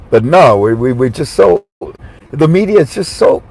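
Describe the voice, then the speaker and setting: A man giving rambling political commentary to his viewers, animated and jumping between mock voices and asides. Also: medium pitch, normal speed. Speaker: commentary vlogger.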